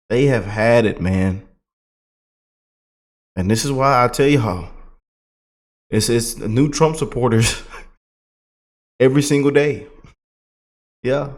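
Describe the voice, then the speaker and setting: A man giving casual, animated political commentary with a mocking, excitable delivery. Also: medium pitch.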